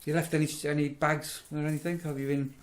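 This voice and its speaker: A middle-aged man, chatting casually and rambling through animated stories. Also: a little high, fast talker. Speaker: vlogger, campsite warden. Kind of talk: casual chat.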